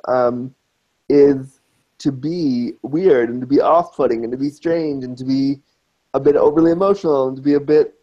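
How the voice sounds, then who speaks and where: A man's voice: medium pitch, dull audio. A man in casual conversation, talking frankly and emphatically, repeating words to drive his points home. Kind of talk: casual chat.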